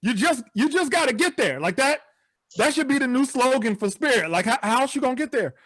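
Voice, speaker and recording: Over a video call, a man performs a virtual stand-up set, telling stories punctuated by animated, incredulous outbursts. His voice is extremely high-pitched and a little fast, and the recording is dry.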